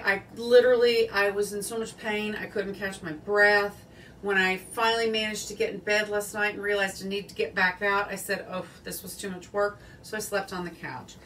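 A woman's voice: medium pitch, pushed and bright, distant mic, slight background noise. A woman hosting a casual home cooking show, chatting and rambling in a self-deprecating way as she cooks in her kitchen. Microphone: phone or camera on small tripod, set back.

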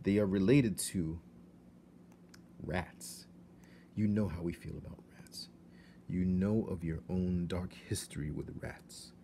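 Storybook king, pompous and commanding, booming, loud, slow, read by a man. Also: steady tone, slight background noise. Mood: stern. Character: stern pompous middle-aged human king.

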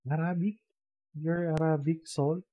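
A sleepy young man with a Filipino accent mumbles to himself while streaming a game, slipping into Tagalog in casual commentary. His voice is a little high with little pitch movement, at a measured pace. The recording is muffled, with no echo.

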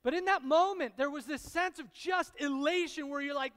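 In a large hall with long reverb, a male pastor with a very high voice tells stories in his sermon using repetition and dramatic pauses. His delivery moves between intimate hushed lines and loud, excited outbursts.

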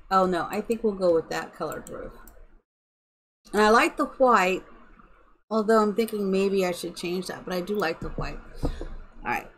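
Slow, cooing woman streamer. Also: mid-range voice, rough recording. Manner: slow and chatty, cooing baby talk to her cat. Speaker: live streamer. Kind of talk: casual game-stream chat.

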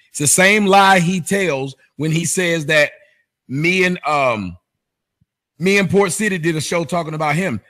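A man's voice: a little high, a bit bright. A man hosting a commentary show, mocking the clips he plays in a sarcastic, sing-song teasing way. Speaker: commentary host.

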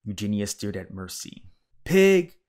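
A man reading a children's picture book aloud in a calm, measured narration. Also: on the low side. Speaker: storyteller.

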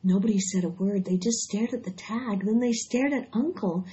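A woman reading a children's story aloud in a steady, expressive way. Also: medium pitch, moderate pace. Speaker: audiobook reader. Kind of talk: storybook read-aloud narration. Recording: dull lo-fi recording.

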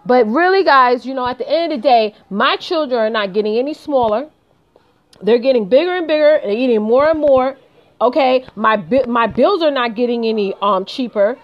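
High-voiced woman giving an emphatic pep talk. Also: moderate pace, highs cut off. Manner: emphatic, repeats phrases, addresses viewers directly. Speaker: home business consultant. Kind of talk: motivational live-stream talk.

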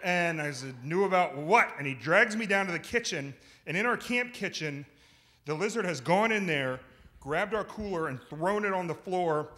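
Man, comic stage storyteller, profane, self-mocking, bright tone, somewhat high voice. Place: theater stage.

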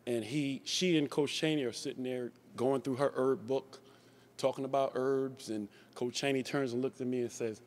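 A man's voice: medium pitch, fairly even intonation, moderate pace, a little mellow. A man in his forties, a former player, tells anecdotes in a memorial speech, often restarting and repeating words. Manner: storytelling, repeats and restarts words, laughs along.

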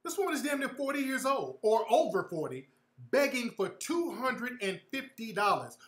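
A man talks with a bright, cutting edge as he hosts his own show. He tells a story in a profane, mocking way and laughs along at it. A roomy echo hangs around his voice. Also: very high voice, big pitch swings, moderate pace. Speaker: podcast host. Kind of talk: casual storytelling monologue.

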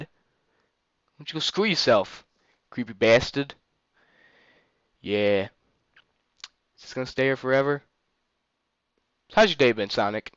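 A man giving crude, jokey commentary on a horror game, reacting loudly to the scares. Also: mid-range voice, no echo, muffled recording. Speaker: gameplay commentator. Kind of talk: let's play commentary. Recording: game music playing under the voice. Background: game music.

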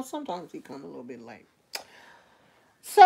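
A woman's voice: on the low side, expressive, moderate pace, gravelly, pauses often, a little mellow, slightly rough. A woman vlogger in casual chat, rambling and opinionated as she talks to her viewers.

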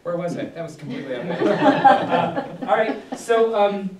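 Pastor teaching a Bible study, male, slightly high voice, digressive delivery, recorded far off in a roomy hall. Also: big pitch swings, moderate pace, crowd noise. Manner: rambling, digressive, many restarts and fillers. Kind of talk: casual teaching talk. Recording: echoey room, distant mic.

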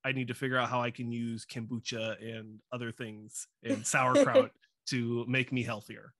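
Male interviewer, bright tone, dry close sound; chatty storyteller on a video call. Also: mid-range voice, lively intonation, moderate pace, no room sound. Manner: chatty, storytelling, rambling asides. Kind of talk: casual interview chat.

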